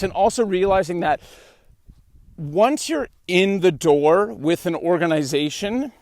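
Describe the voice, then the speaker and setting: Young Canadian man, podcast host, storytelling monologue, lively, higher-pitched read. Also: no echo. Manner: animated, acts out quoted dialogue.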